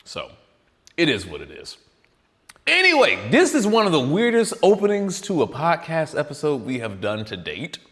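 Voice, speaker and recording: A man's voice: mid-range voice, a bit bright. A casual male podcast host who rambles and pokes fun at himself, his voice swinging up and down with plenty of life. A long reverb trails each line, as if the room is hollow. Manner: rambling, self-mocking, restarts often; chewing and eating while talking. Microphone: studio mic with headphones.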